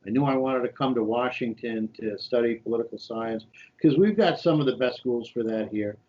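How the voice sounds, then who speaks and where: Give me a man in his sixties from New York telling animated stories in an interview, recorded with a dull, lo-fi sound. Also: medium pitch, a little fast. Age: 60s. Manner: animated anecdotes, acts out quoted voices. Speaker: shadow senator, guest. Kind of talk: storytelling interview. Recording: dull lo-fi podcast audio.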